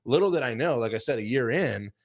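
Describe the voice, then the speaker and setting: A middle-aged man telling a casual career story, animated, acting out quotes and saying "like" a lot. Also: medium pitch, fast. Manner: animated, acts out quotes, many fillers like "like". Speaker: chef and show guest telling his career story.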